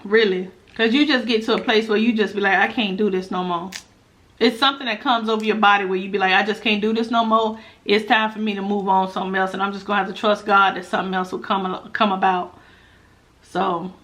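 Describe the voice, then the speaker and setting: A woman's voice: mid-range voice, a bit bright. A woman from Florida with a South Florida accent, chatting casually to her viewers as a mukbang vlogger, laughing often and saying "y'all.". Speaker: mukbang YouTuber answering viewer questions.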